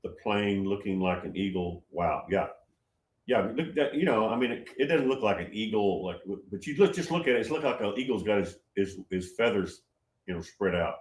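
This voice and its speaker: A man's voice: on the low side, animated, a little fast, reverberant. A man hosting a prophetic livestream, talking casually and reading viewer comments, rambling and repeating himself with emphasis.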